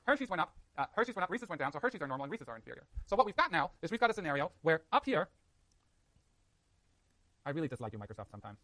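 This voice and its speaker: A man lecturing a university class, quick and lively, joking with students as he works through a diagram. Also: on the high side, no echo. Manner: fast, animated, jokey asides to students.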